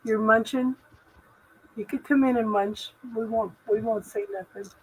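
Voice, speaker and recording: A woman hosting a live spiritual talk stream from her home, rambling gently through spiritual advice with lots of fillers and restarts. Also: on the high side, steady tone, a little slow, breathy edge, rough recording. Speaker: host.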